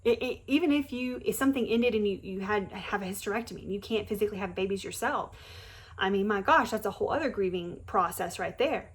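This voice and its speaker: A woman in her thirties speaks straight to her viewers in a heartfelt, casual way. Her voice sits at an ordinary middle pitch, earnest and emphatic. She often stops to restart a thought. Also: fast talker, slightly rough. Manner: earnest, emphatic, conversational with many fillers and restarts. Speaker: faith vlogger on pregnancy loss. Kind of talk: heartfelt direct-to-camera talk.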